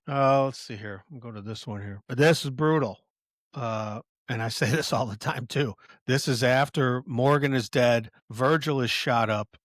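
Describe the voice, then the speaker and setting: A man's voice: fairly low pitch, dry recording, studio quality. A man hosting a podcast in a casual film commentary, rambling with many restarts and chuckles. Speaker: podcast host.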